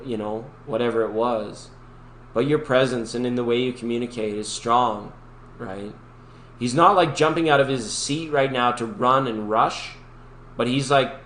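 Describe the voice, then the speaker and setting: This tarot reader and stream host has a mid-range voice with a fairly bright tone. He keeps up a rambling, cheerful patter for his viewers, now and then singing a snippet. The recording carries room echo and slight background noise.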